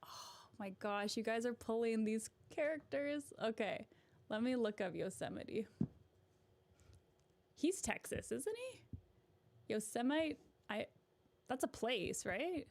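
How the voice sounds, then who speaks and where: A woman's voice: on the high side, animated, slow pace, long pauses, darkish tone. A young woman streaming, chatting casually to viewers, giggly and self-amused. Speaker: voice-acting streamer.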